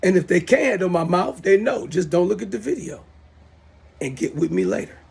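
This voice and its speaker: Brisk and very animated, a middle-aged man with a high, gravelly, slightly rough voice and a darkish tone rants into his smartphone. He's the host of his own show, and the angry rant to camera is profane and repetitive.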